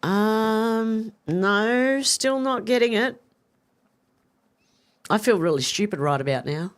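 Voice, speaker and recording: A woman's voice: a little high, expressive, slow pace. A woman, hosting a casual live stream and reading out chat comments in a chatty, swearing, self-mocking way. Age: 50s. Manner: chatty, swearing, laughing and confused over a joke. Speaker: livestream host reading chat.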